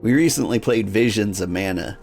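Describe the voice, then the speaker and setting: A man's voice: on the low side, brisk, creaky, darkish tone, faint music behind. A man hosting a let's play, reading game dialogue aloud formally and chatting in a rambling, self-interrupting way. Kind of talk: casual gaming commentary.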